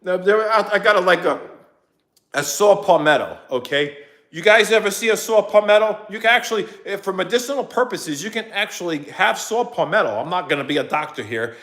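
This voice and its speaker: A middle-aged male vlogger rants to his viewers in a casual, rambling, animated way, acting out what other people said. His voice sits high and he talks fairly quickly.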